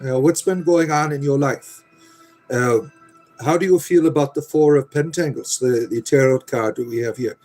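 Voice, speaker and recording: Faint music plays behind a middle-aged livestream host from the Americas as he talks at a moderate pace in a mid-range, a little mellow voice. Chatting casually with live viewers, he rambles and rants profanely about a mechanic, relying on "right?" and heavy filler.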